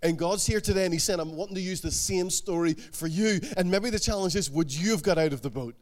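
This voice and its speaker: A man preaching a sermon, animated, voicing the people in the stories he tells. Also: sits high, quick pace. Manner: animated, acts out the quotes he tells. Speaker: pastor.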